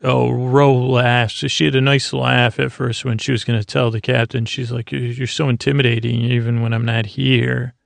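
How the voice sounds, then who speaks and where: A man's voice: medium pitch, little pitch movement, normal speed, gravelly, few pauses, dry recording. A man hosting a podcast, giving a meandering recap of a TV episode to help listeners fall asleep, full of fillers and restarts. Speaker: podcast host. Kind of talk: rambling TV episode recap for sleep.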